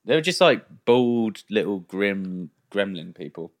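Lower-voiced young man telling stories. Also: very animated, measured pace. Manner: storytelling with quoted voices, swears freely. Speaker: podcast co-host. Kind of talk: casual chat.

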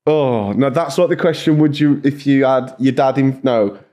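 A man's voice: medium pitch, normal speed, dark tone. A young man, a podcast guest chatting casually, crude and joking, laughing often.

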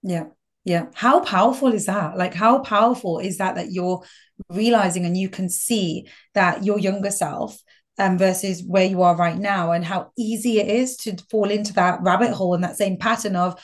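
Woman guest psychologist, thoughtful, affirming, middle-pitched voice. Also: fairly even intonation, normal speed. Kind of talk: casual chat.

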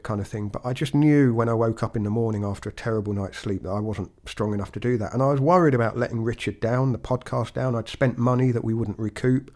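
A man co-hosting a podcast, talking in a measured, reflective way with frequent restarts. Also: mid-range voice, fairly even intonation, darkish tone. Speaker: podcast co-host.

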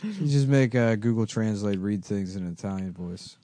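A man's voice: fairly low pitch, moderate pace, dark tone, no room sound, clean studio sound. A man co-hosting a comedy podcast, joking and laughing, sometimes slipping into a mock announcer tone. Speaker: podcast co-host. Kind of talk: casual comedy podcast banter.

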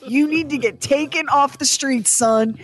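A woman's voice: sits high, measured pace. A woman co-hosting a morning radio show from a studio mic, teasing her co-host in mock indignation. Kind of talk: casual radio banter. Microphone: studio microphone.

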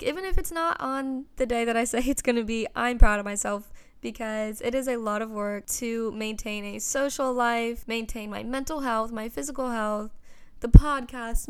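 Young woman, solo podcast host, chatty and gushing, slightly high and smooth voice, home mic. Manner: chatty, earnest and gushing, with frequent "you know". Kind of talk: casual solo podcast chat.

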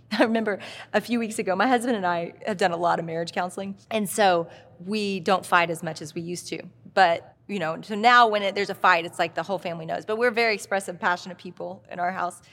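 Woman giving an animated talk in a reverberant hall. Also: mid-range voice. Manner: animated, confessional storytelling, addressing the crowd directly. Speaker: speaker at a Christian leadership event. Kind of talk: conference talk.

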